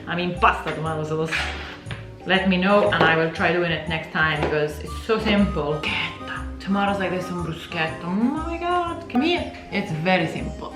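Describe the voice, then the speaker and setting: A woman from Italy hosting a casual cooking demonstration in a home kitchen, chatty and slipping Italian words into her English. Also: lowish voice. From Italy, grew up in Milan. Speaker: cooking video host. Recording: echoey kitchen with background music.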